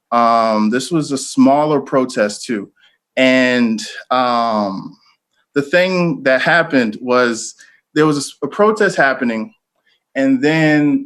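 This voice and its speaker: A man's voice: medium pitch, fairly bright tone. A young man, a photographer, talking casually and earnestly about his work, with lots of fillers. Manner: loose, filler-heavy, earnest. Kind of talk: casual gallery talk.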